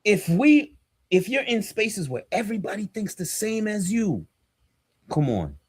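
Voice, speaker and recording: A man's voice: high voice, big pitch swings, unhurried, breathy edge, no room sound, clean studio sound. A man, a pastor and podcast co-host, talking in a casual but preachy, emphatic and slangy way. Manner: emphatic and fired up, slangy and direct.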